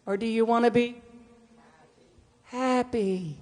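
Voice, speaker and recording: Pausing often at a normal speed, a middle-aged woman minister with a slightly high voice preaches a conversational sermon. She tells stories animatedly, swinging between quiet reflection and playful bursts.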